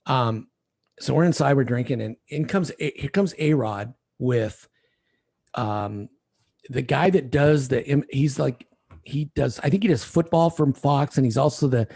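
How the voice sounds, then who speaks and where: A man's voice: medium pitch, unhurried, slightly rough. A middle-aged man telling a rambling story over drinks, acting out the other people in it. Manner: rambling, animated retelling with voiced quotes. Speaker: podcast guest.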